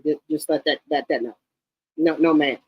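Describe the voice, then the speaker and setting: A woman's voice: low voice, steady tone, moderate pace, breathy edge, no echo, lo-fi sound. A woman in her fifties giving blunt, emphatic livestream commentary and often repeating her words. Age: 50s. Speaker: livestream host.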